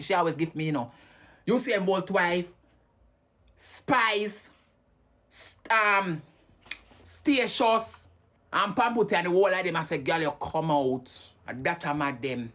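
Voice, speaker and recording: A woman's voice: lowish voice, a bit bright. A Jamaican woman ranting heatedly and cursing on a live stream.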